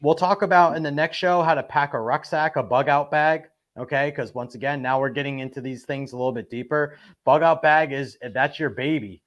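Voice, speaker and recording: A man hosting a casual podcast, talking in a loose, halting way and checking for agreement. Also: a little high, fairly bright tone. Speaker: podcast host. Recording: dull lo-fi sound.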